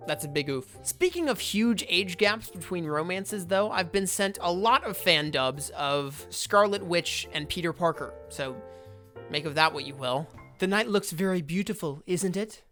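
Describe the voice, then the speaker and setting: Wry young woman vlogger, lowish voice. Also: animated, unhurried, fairly bright tone, faint music behind. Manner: wry, sarcastic, reads posts aloud in put-on voices. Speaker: YouTube host. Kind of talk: comedic commentary vlog.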